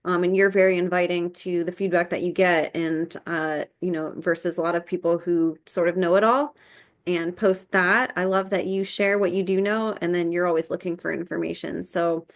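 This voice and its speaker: A woman hosts a casual podcast interview in a fairly low voice. She is encouraging and appreciative toward her guest. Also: steady tone, moderate pace. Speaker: podcast host.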